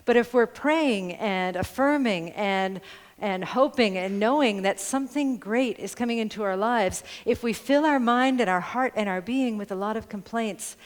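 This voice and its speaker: A woman's voice: medium pitch, moderate pace. Laughing woman minister in a reverberant hall. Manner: chatty and humorous, laughing often between lines. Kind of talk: conversational sermon. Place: spiritual center sanctuary before a congregation. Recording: long hall reverb in a large room.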